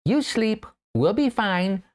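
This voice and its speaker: Storybook familiar: tiny male mouse, high and lively voice, softly concerned; a man puts him on. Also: slow. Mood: caring. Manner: concerned, gently helpful.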